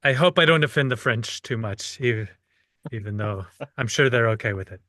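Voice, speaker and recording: A man's voice: medium pitch, fairly quick, pushed and bright, no echo, clean studio sound. A male actor in a casual commentary chat, modest and self-deprecating, laughing often as he talks.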